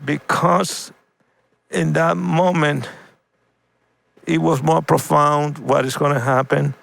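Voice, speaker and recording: A man appearing as an evangelist guest tells his own testimony, stumbling, repeating and restarting words, full of feeling. His tone stays steady, slightly bright and creaky.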